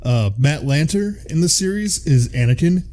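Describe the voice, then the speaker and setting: Mellow Midwestern man, rambling fan chat. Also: on the high side, expressive, moderate pace. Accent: Midwestern American. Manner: rambling, enthusiastic, lots of fillers. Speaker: podcast co-host. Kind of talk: casual chat.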